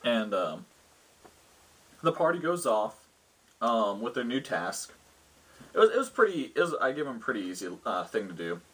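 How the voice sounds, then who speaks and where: A man's voice: medium pitch, big pitch swings, moderate pace, long pauses, a bit bright, a little hiss or hum. A man, a game master, recounting a tabletop session in loose, rambling storytelling.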